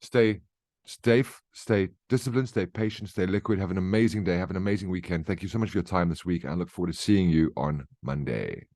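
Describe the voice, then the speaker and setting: A man with a notably low voice talks through his trades as a chatty market briefing. He explains each step in an easygoing, conversational way and keeps checking in with short questions. The recording is dry and close, with almost no room sound. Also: fairly quick, darkish tone, dry recording. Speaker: trading educator. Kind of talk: market briefing over charts.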